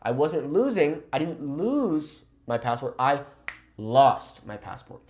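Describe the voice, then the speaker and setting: A young man gives a language lesson. His voice sits a little high and swings up and down as he explains each phrase and what it means. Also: slow pace. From California. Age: 20s. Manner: lively explaining, switches between English and Spanish. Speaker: Spanish teacher.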